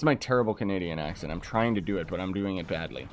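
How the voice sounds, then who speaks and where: A man chatting casually during a live game stream, ranting in frustration and breaking into quick exclamations. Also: on the low side, soft background music. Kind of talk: casual live-stream chat while gaming.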